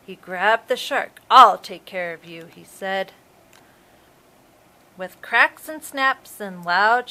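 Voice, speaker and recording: A woman, a preschool teacher, reading a storybook aloud to young children in a slow, expressive way. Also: medium pitch, rough recording.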